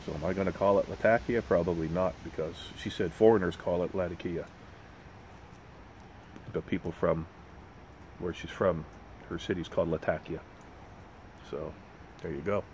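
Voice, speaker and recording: A man with a very low, deep voice rambles through a casual vlog, restarting sentences and dropping curses as he goes. Faint road noise hums behind him. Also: steady tone, normal speed, long pauses, a little mellow, poor audio. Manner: rambling, profane, self-correcting. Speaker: pipe tobacco vlogger.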